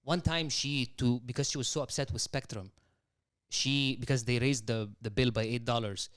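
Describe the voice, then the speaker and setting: Young man telling an animated story. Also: medium pitch, normal speed, clear, resonant tone, dry recording. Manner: animated, acts out quotes of his mother. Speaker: podcast guest. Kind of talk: casual storytelling chat.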